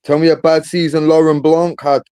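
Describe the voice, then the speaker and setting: A man holds forth in a casual football debate, pressing his point hard and peppering it with "bro". His voice sits a little high but comes out dark and mellow. The sound is dry and close. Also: flat delivery, moderate pace, smooth, no echo. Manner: emphatic, argumentative, says bro a lot. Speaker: football podcast host.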